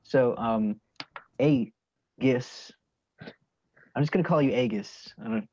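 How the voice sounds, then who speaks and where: Male call guest, lively and animated, dry, muffled lo-fi audio. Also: medium pitch, moderate pace, dry recording. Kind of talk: casual livestream chat. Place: online voice call.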